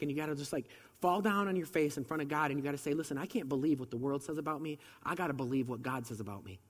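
A man's voice: high voice, long reverb tail. A man preaching a sermon in a conversational way, asking the audience rhetorical questions, and he has a slight cold.

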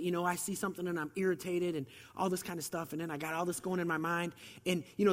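A man's voice: sits high, long reverb tail. A man preaching a sermon in a conversational way, asking the audience rhetorical questions, and he has a slight cold.

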